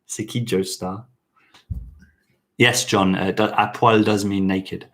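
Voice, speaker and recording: A man's voice: lowish voice, steady tone, slow, fairly bright tone. A man hosting a casual Q&A chat, reading viewer comments aloud and switching between English and French with many hesitations. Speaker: host.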